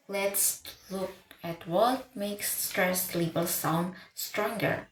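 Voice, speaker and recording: A woman teaches pronunciation in a slow, deliberate voice, often stopping to restart or repeat a word. Her voice sits at a middle pitch. The room is echoey, with a faint hum of ambience behind her. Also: a bit bright. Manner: restarts words, repeats them while reading notes. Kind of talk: slow, careful lesson delivery.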